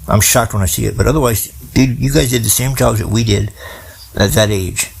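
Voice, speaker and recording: Gravelly low-voiced man ranting. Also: a little fast. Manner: profane, rambling, streetwise slang. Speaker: commentator. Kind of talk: casual political rant.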